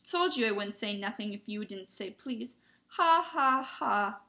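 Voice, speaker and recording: A woman's voice: medium pitch, normal speed, fairly bright tone, lightly acted. A woman voicing a mischievous poltergeist with a cackling, sing-song, teasing manner. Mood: sing-song mocking. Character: mischievous poltergeist, gleeful and taunting.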